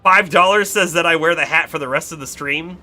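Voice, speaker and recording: Male streamer, casual game commentary, rambling, self-correcting, high voice. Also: brisk, sharp tone.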